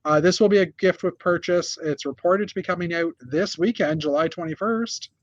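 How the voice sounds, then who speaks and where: A man's voice: sits high, normal speed, no echo, lo-fi sound. A man hosting a casual news chat from a hotel room, rambling with many fillers and restarts. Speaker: host.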